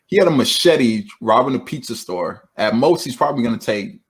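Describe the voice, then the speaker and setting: A man's voice: medium pitch, animated, moderate pace, breathy edge. A man co-hosting a podcast in laid-back, joking casual banter, often restarting his sentences. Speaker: podcast co-host.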